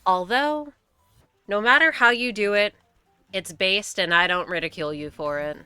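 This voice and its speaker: A woman's voice: on the low side, moderate pace, bright, forceful tone, clear, resonant tone, no echo, soft background music. A young American woman streaming a game, chatting casually with frequent swearing and laughter. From United States. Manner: chatty, swears often, laughs between remarks. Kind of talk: casual gaming commentary.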